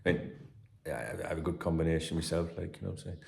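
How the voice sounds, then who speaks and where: A man's voice: a bass voice, fairly even intonation, fast, creaky, darkish tone. A middle-aged man hosting a football channel, reading transfer gossip in a casual, chatty way with cheeky jokes and the odd swear word. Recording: roomy echoey room.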